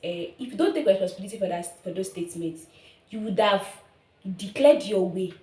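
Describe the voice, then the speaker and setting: A woman's voice: medium pitch, lively intonation, brisk, dark tone. A young woman in her twenties with a Nigerian accent, sharing a personal testimony on her vlog in an earnest, emotional way, often repeating herself. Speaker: vlogger. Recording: roomy echo.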